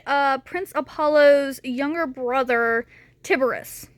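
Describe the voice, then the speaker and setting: A woman's voice: sits high, a little slow, a bit bright. A young woman vlogger giving a casual, rambling spoken recap of a book, often saying "like". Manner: chatty and rambling, often says "like".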